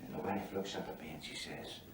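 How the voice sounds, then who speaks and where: A brash Belfast club comic. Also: male voice, a bass voice, fast, over a noisy crowd. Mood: bawdy. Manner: brash, bawdy joke-telling patter. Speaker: stand-up comedian. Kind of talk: stand-up comedy performance in a TV drama. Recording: echoey club hall with laughing audience.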